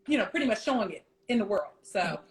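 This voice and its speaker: A woman relationship coach talking in a casual chat, animated and quick to laugh, acting out little quoted scenes. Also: mid-range voice. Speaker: wife coach, guest. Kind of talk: casual chat on a virtual show.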